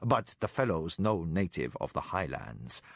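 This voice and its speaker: A cool-headed spy master who keeps his words few and his voice down low, as a male narrator puts him on. He sounds dark and flat in a dry, close audiobook read, every line clipped and measured. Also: creaky, no room sound, full character voice. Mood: hushed. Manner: low, hushed and terse. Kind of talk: audiobook character voice.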